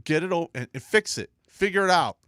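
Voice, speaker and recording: A middle-aged man on a casual talk show, blunt and profane, telling animated stories about his days in the army. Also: on the high side, fairly quick, no room sound, studio quality. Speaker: podcast co-host.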